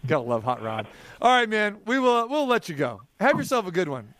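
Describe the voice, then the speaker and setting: A man's voice: high voice, big pitch swings, a little fast, noisy background. A man hosting a sports talk radio show, playful and jokey, reading ads between segments. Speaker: radio host.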